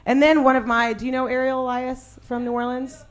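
A woman's voice: sits high, flat delivery, a little fast, noisy background. A young woman comedian doing stand-up, then chatting casually with a laughing, self-mocking manner.

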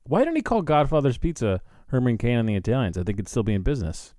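A man's voice: medium pitch, very animated, dark tone, no room sound. Guy cohosting a comedy podcast, dry jokes, bouncy voice, dead dry sound. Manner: dry, quick jokes, laughs often. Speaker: podcast co-host. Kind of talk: casual comedic banter. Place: Washington DC area.

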